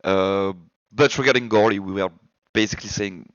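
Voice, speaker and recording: A man's voice: fairly low pitch, moderate pace, a bit bright, no echo, muffled recording. A man hosting a casual gaming podcast, talking in a hesitant way with repeated words. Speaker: podcast host.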